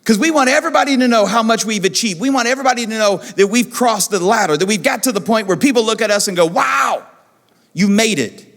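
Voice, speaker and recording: A man's voice: high voice, quick pace, few pauses, a bit bright, big-room sound. A man preaching a sermon as pastor, animatedly acting out the disciples in a raised voice. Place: church auditorium.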